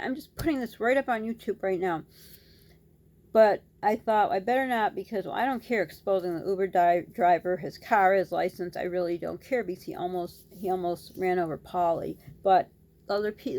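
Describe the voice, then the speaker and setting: A middle-aged woman and mother vlogging, telling a story in a casual, scattered way and talking with her hands. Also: mid-range voice. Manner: scattered, talks with her hands, animated retelling. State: dry lips.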